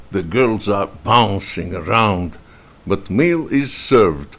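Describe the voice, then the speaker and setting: A man whose first language is Russian, reading a novel in verse aloud in a slow, measured way with pauses between phrases. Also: on the low side, lively intonation, fairly bright tone. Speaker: reader and translator.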